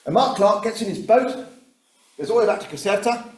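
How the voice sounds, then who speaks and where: A man giving a history lecture, acting out generals' conversations as a lively storyteller. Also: high voice, fast talker. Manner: animated storyteller voicing generals in dialogue. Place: lecture room. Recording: echoey room, Zoom recording.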